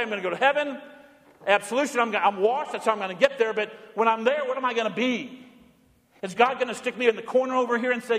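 A middle-aged pastor with a high voice preaches with emphasis, slowing down to lead the congregation in repeated lines. His voice carries a long reverb from the church sanctuary. The delivery is a full sermon. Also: a bit bright.

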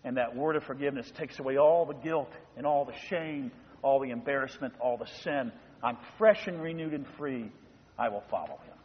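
A middle-aged man preaching a sermon as pastor, animated and storytelling, swinging between loud emphasis and quiet, hushed passages. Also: medium pitch, a little fast. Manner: animated storytelling, acting out voices in bursts. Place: church sanctuary. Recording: dull sound in a reverberant church.

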